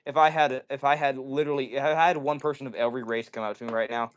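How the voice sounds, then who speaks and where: A male livestream host chats casually indoors, joking and reading viewer comments aloud. His mid-range voice is steady and quick-paced, with slight background noise in the audio.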